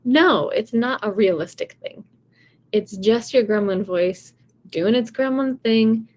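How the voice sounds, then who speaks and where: A woman's voice: medium pitch, a little mellow. A woman vocal coach giving casual, encouraging advice in a chatty way, often saying "you know" and "right".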